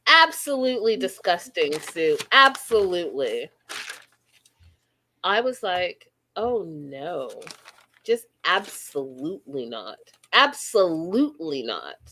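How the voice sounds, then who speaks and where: A woman from Canada hosting a casual reality TV recap, blunt and animated, acting out quotes. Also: on the low side, takes it slowly, slight background noise.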